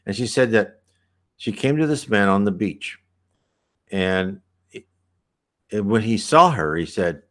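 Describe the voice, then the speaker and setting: A man's voice: low voice, animated, moderate pace. A man giving rambling, casual commentary on a book he is reading, with many restarts and fillers. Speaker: reader and commentator.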